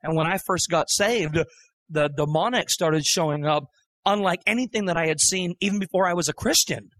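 A middle-aged male preacher telling his testimony as a sermon, animated and acting out the voices in his story. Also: high-pitched, fairly quick.

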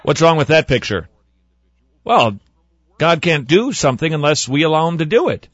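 Male talk radio host, sarcastic and animated, higher voice, dry studio sound with muffled highs. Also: normal speed, slight background noise. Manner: animated, sarcastic, swings between loud and hushed asides. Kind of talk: critical commentary on sermon clips.

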